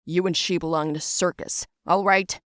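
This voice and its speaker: Brief: woman voicing a dismissive middle-aged dad in an animated story, slightly lower and slower. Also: dry recording, clean studio sound, lightly acted. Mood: smug. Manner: smug, dismissive.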